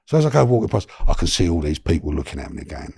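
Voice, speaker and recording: Middle-aged guest, gravelly, dark tone, animated storyteller with slang and restarts, dry close sound. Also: male voice, sits low, very fast, no echo. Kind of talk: storytelling in a podcast interview.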